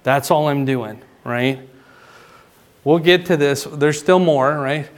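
Male pastor, fairly high voice, casual teaching sermon, keeps asking "right?", spikes up for emphasis. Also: takes it slowly. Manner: conversational teaching, frequent "right?" and "okay?" check-ins; rises in pitch and volume for emphasis.

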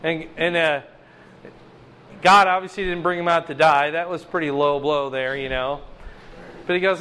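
A man's voice: high voice, moderate pace, a bit bright, a little hiss or hum. A man leading a bible study in a chatty, conversational way, asking the group questions.

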